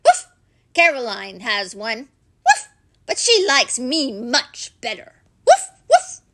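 Give me a boastful little dog yapping between every few words, as a woman puts him on, slow and bold. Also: fairly high pitch, sing-song, fairly bright tone, full character voice. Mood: rude, boastful. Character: loud boastful rude little male dog.

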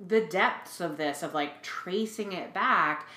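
With a fairly low pitch and slow pace, her voice has a roomy sound. She's a podcast co-host in her forties, animatedly retelling events in a casual chat thick with fillers and mimicked voices.

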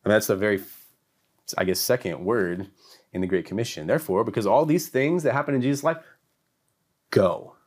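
A man teaching a sermon to his church, preaching emphatically with repetition and swings between loud peaks and hushed lows. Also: brisk, long pauses.

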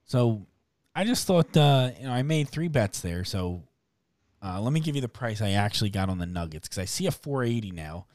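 A man hosting a sports betting podcast, chatting casually and briskly reeling off odds and numbers. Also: on the low side, big pitch swings, a little mellow, dry recording, clean studio sound.

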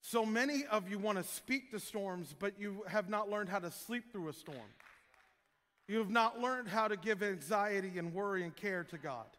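A male pastor delivers a sermon, his voice high and bright. He talks casually and jokes with his listeners, and now and then he bursts into loud shouted prayers. Long reverb from the hall trails behind him. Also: normal speed. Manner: joking, jumps to loud shouted prayer impressions.

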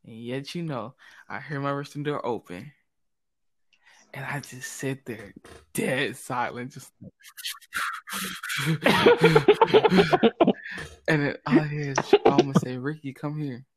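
A man's voice: medium pitch, normal speed. A young man, telling a story in casual chat with friends, acting out the quotes with lots of "I'm like.".

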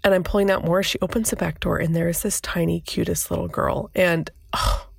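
A woman's voice: fairly low pitch, fairly even intonation, fairly quick, vocal fry, breathy edge, no echo, clean studio sound. A woman in her thirties hosting a podcast, telling a personal story in an emotional, flustered, rambling way. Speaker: podcast host.

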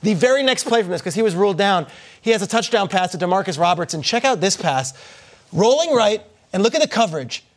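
A man co-hosting a football show, earnestly pointing out details while walking viewers through highlight replays. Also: animated, quick pace. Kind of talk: sports highlight analysis.

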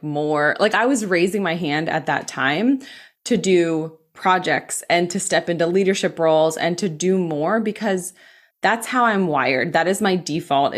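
American woman, 30s, low-ish voice, candid storyteller, quick bursts. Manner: candid, animated, fast bursts with filler likes. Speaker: physician assistant. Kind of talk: personal storytelling.

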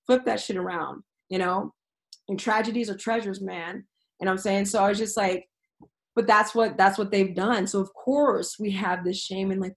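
A woman's voice: mid-range voice, gravelly, low-quality recording. A woman speaks candidly as a guest in a mid-range voice. She is earnest and frank, drops casual swears and laughs easily. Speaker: teacher, podcast guest. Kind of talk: casual, candid interview talk.

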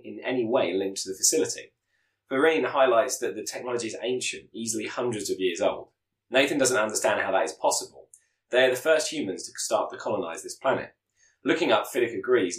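A low-pitched man recaps a story's plot in an unhurried storytelling manner, now and then correcting himself mid-sentence. His voice carries a noticeable roomy echo, as if recorded in an untreated room. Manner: steady storytelling delivery with occasional self-corrections.

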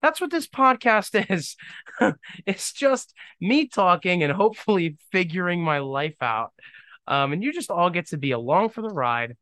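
Casting: young male solo podcaster, bright and clear, rambling and self-mocking. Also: high-pitched, sing-song, moderate pace, no echo. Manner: rambling, self-deprecating and joking. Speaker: podcast host. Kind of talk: casual solo podcast monologue.

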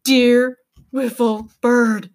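A woman voicing a fussy, easily flustered elderly male professor in a read-aloud storybook, often in hushed, breathy tones. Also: a little high, animated, normal speed.

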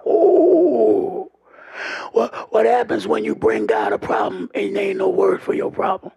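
A man preaching a sermon in a call-and-response style, often shouting and dropping humorous asides to the congregation. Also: high voice, huge pitch swings, unhurried, highs cut off. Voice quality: gravelly, raspy.

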